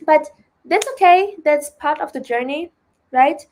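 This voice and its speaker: A woman's voice: high-pitched, a little slow, a little mellow. A woman with a German accent, a non-native speaker of English, chatting loosely as she teaches trading on a live stream, with many fillers and "right?" tags.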